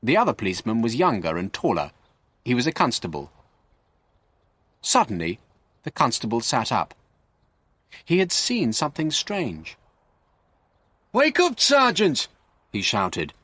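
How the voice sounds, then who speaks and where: A man narrating a graded-reader story for English learners in a slow, clear and expressive way. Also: medium pitch.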